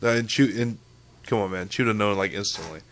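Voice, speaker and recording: A man's voice: on the low side, brisk, heavy background noise. A man hosting a podcast in casual banter, joking, laughing easily and swearing casually. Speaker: podcast host.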